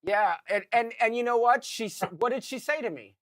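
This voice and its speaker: A man in his fifties co-hosting a podcast, telling a story in casual chat and shouting out the lines he quotes. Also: very high-pitched, brisk, dry recording, studio quality. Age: 50s. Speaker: podcast co-host.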